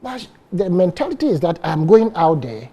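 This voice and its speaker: A man's voice: high-pitched, very animated, normal speed, dark tone, slightly rough. A man with a Ghanaian English accent on a morning show panel, speaking earnestly and using himself as an example. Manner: earnest, uses personal examples. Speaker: studio guest.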